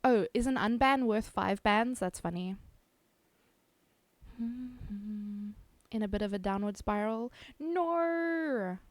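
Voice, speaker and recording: A woman's voice: mid-range voice, slow, no echo. A woman streaming live, chatting casually, reading chat aloud and laughing often.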